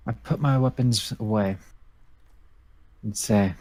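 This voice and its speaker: A man playing a tabletop game, calmly describing his character's actions. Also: fairly low pitch, takes it slowly, no echo. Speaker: player.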